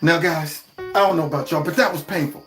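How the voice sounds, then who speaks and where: A man hosting his own show, reacting to clips in a lively, mocking, slangy way. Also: fairly high pitch, brisk, faint music behind. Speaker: show host. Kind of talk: reaction commentary on video clips.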